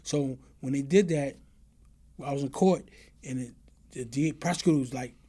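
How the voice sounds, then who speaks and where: Middle-aged man, dark-toned storyteller. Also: mid-range voice, normal speed. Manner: animated, acts out the voices of the people in his stories; repeats "you know what I mean". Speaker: interview guest. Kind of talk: casual storytelling.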